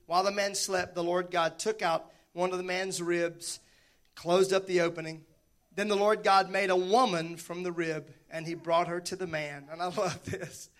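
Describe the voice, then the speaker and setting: Bright, lively pastor preaching. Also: male voice, sits high, moderate pace. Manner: animated, joking with the congregation. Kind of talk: sermon.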